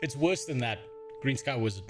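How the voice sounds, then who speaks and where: A man's voice: medium pitch, expressive, normal speed, music in the background. A man from Africa, livestreaming and ranting in casual, profane, exasperated talk. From South Africa.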